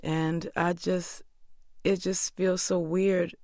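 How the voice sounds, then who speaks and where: A woman's voice: fairly low pitch, slow, no room sound, clean studio sound. A woman in her fifties, a singer being interviewed, telling stories and acting out what people said to her. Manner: animated storyteller who acts out quoted voices. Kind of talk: radio interview chat.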